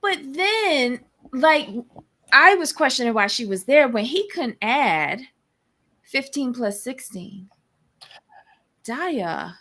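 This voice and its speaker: Slow-talking blunt woman co-host. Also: high voice, big pitch swings, fairly bright tone. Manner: blunt, sassy remarks. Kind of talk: live-streamed recap commentary.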